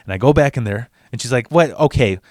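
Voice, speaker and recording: A man telling a comedic personal story in a rambling, profane monologue, acting out the dialogue with shifting voices and jumping between fast and slow delivery. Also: medium pitch, darkish tone, no room sound, clean studio sound.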